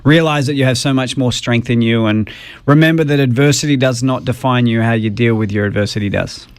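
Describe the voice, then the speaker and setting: A man's voice: mid-range voice, brisk, clear, resonant tone. A man, a podcast guest sharing his faith story in an earnest, emotional way. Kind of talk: personal testimony in a podcast interview.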